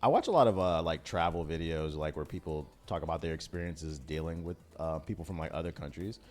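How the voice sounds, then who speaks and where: A man from Washington, D.C. co-hosting a livestream, telling stories in casual chat with slang. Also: very deep voice. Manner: fast, animated storytelling with slang. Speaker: co-host.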